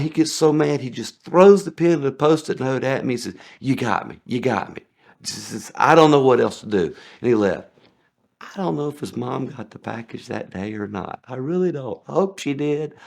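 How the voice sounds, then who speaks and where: A man's voice: creaky, a little mellow. A man telling sarcastic stories about his days as a delivery driver, acting out the people he quotes. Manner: sarcastic, acts out quoted people with big pitch jumps. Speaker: former package delivery driver. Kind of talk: anecdotal storytelling.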